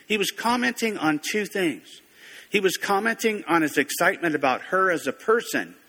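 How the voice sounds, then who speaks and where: A man's voice: a little high, bright, forceful tone. A man preaching a sermon in a conversational, folksy way, often correcting himself mid-sentence. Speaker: pastor. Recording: long reverb of a large hall.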